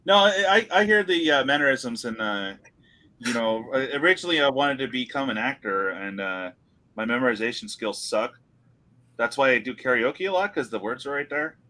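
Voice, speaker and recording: A young man hosting a casual live stream chat, animated and laughing often. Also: mid-range voice, moderate pace. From California. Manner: animated, laughs often, drinks and toasts viewers. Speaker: host.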